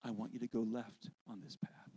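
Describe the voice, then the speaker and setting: Low hushed voice of god, gentle and insistent, a guy putting it on. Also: little pitch movement, normal speed, husky, no echo. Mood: calm, quiet. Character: God as a calm, low inner voice.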